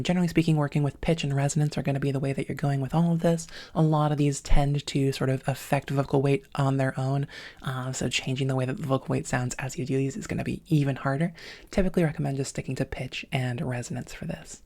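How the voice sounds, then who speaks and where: A woman teaching a voice lesson, with a thin, slightly smoky voice and a touch of vocal fry, talking methodically through each step. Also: a bass voice, dark tone. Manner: methodical, breaking sounds into parts, with many "um"s. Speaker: voice training coach. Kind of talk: instructional voice lesson.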